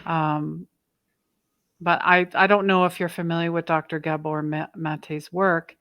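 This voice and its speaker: A woman's voice: sits low, level tone, a little slow, fairly bright tone, dry recording. A woman hosting an interview, reacting and chatting with frequent fillers. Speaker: podcast host. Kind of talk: conversational interview.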